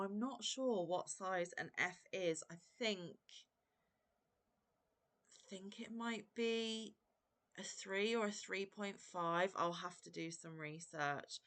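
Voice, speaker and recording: A woman's voice: medium pitch, sharp tone. A woman vlogger unboxing a gift parcel, gushing and exclaiming over each item. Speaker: crochet vlogger. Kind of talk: unboxing vlog.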